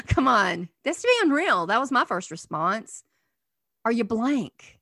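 A middle-aged woman minister giving an earnest teaching sermon, asking many rhetorical questions and swinging from soft to emphatic. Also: fairly high pitch, sing-song, slow, dry recording, clean studio sound.

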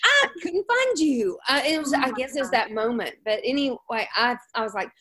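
A woman hosting a casual Christian women's ministry chat, effusive and encouraging, with rambling restarts and warm laughs. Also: sits high, animated, normal speed.

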